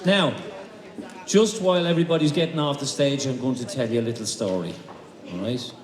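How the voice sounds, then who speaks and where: A man's voice: mid-range voice, fairly quick, a crowd in the background. A man with an Irish accent hosting a charity concert, chatty and jokey, telling a story on a stage mic. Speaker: concert host. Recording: echoey hall, faint noise.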